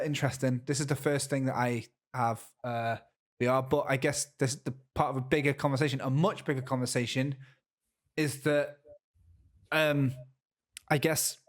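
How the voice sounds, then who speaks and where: A man co-hosting a casual chat show. He talks in an animated, excitable way and trips over his words now and then. His voice sits at a middle pitch. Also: normal speed. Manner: animated, excitable storytelling with stammers. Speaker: podcast co-host.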